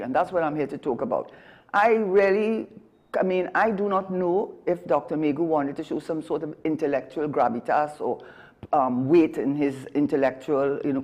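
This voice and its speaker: A woman's voice: sits low, a little mellow. Trinidadian lady on a talk show, argues her point hard, keeps restarting her sentences. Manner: emphatic, argumentative, frequent self-corrections. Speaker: guest commentator. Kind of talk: political commentary on a talk show.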